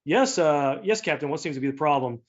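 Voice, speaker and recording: A calm male starship captain under pressure, played by a game master, keeping his replies brief and measured. The voice sits slightly above average for a man. The recording is a bit dull and lo-fi. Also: a little high, lightly acted. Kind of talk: improvised tabletop role-play voicing.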